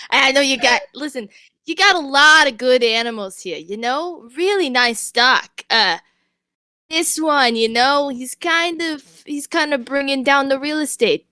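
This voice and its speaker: Scheming pirate haggler, a woman doing the voice, bright and high, wheedling. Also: slow pace, dry recording, heavily acted.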